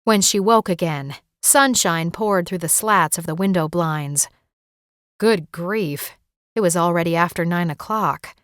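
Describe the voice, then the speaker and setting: A woman narrating a romantic suspense audiobook in a steady, suspenseful reading. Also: lowish voice, a little slow, no room sound, clean studio sound. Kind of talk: scripted narration.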